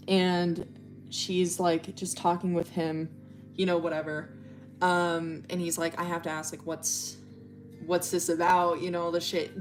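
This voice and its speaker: A young woman chatting on a livestream in a fairly low voice. She rambles through a story, packing it with fillers and casual swearing. Music plays faintly in the background. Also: vocal fry. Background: faint music playing.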